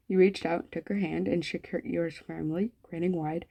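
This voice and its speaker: A woman hosting a gaming video, reading the story aloud and breaking off into loose, slangy, swearing commentary. Her voice is husky and mellow, with a warm, low-key tone. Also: flat delivery, normal speed. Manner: casual and chatty, swears, slangy asides. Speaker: gaming channel host.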